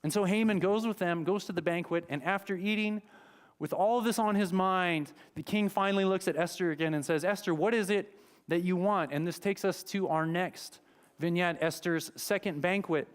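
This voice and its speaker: Male pastor, higher register, conversational storytelling sermon in a church. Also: moderate pace, clean tone. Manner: conversational storytelling, retelling scripture dramatically. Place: church sanctuary.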